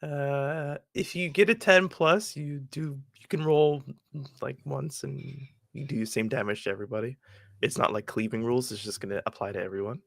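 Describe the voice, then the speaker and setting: A man's voice: medium pitch, normal speed, gravelly, dry recording, clean studio sound. A man narrating a tabletop game as game master, loosely explaining rules with many fillers.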